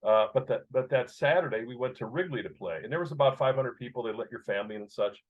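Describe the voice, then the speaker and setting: A man's voice: medium pitch, quick pace. Chicago guy in his 60s telling old stories, gets emotional, kinda muffled lo-fi sound. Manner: emotional, vivid storyteller. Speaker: author and guest. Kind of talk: storytelling interview. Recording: dull lo-fi sound.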